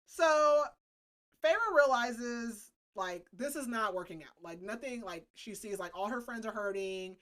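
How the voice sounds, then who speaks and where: A chatty young woman co-hosting a podcast recaps a book in casual conversation. Her voice is on the high side and a little slow, animated and full of "like" and "um."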